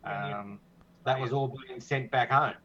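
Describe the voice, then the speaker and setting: A man's voice: medium pitch, unhurried, a bit bright. An Australian man on a video call, his voice coming through dull and lo-fi. He rambles through his point with frequent stops and restarts. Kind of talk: casual chat over video call.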